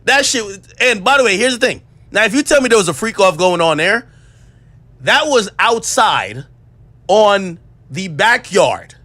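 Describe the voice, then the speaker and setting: A man telling a story in a casual, profane, animated way and acting out the quotes. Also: high voice, measured pace, no room sound.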